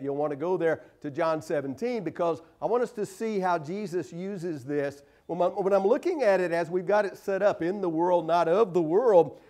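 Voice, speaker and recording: A man preaching a sermon in church, earnest and emphatic, slowing to stress key phrases and scripture. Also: high-pitched, darkish tone.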